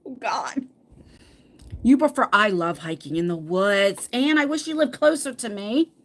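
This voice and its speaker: A woman's voice: medium pitch, lively intonation, unhurried. A middle-aged woman hosting a casual livestream chat, reading viewer comments, laughing often and stumbling over words.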